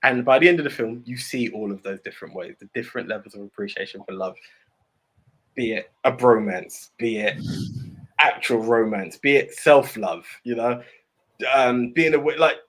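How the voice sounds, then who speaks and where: A man's voice: mid-range voice, a bit bright. A young British man co-hosting a casual movie podcast, rambling and ranting with plenty of swearing. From Britain. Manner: rambling, laughing, swearing rants. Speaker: podcast co-host.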